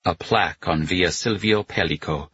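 Deep, husky male audiobook narrator. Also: normal speed, fairly bright tone, no echo, lo-fi sound. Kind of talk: scripted narration.

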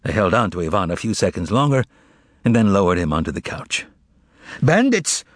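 A man reading a novel aloud as narrator in a measured, expressive way. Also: low-pitched, no room sound, clean studio sound. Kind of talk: audiobook narration.

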